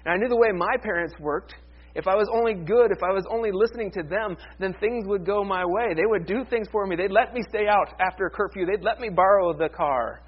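A man preaching a conversational, animated sermon as pastor, with playful asides. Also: high voice, fairly quick, husky, muffled recording.

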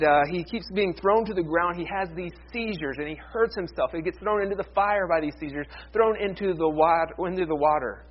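A man preaching a conversational, animated sermon as pastor, with playful asides. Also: high voice, dull audio.

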